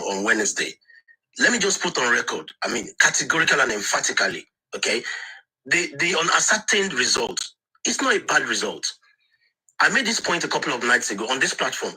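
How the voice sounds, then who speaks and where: A man's voice: medium pitch, bright, forceful tone, husky, low-quality recording. A man speaking on an online discussion panel, emphatic and insistent, often repeating words as he restarts.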